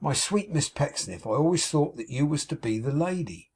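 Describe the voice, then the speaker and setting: A man's voice: fairly high pitch, very animated, moderate pace, darkish tone, husky, pitched above the performer's own voice, full character voice. A man voicing a fussy, effusive middle-aged landlady who confides everything melodramatically, in a storybook reading. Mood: gushing.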